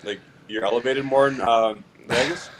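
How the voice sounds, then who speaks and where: A man's voice: mid-range voice, steady tone, normal speed, a crowd in the background. A man calling into a casual show, laying out his points in a matter-of-fact, laid-back way. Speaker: caller. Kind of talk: casual call-in chat.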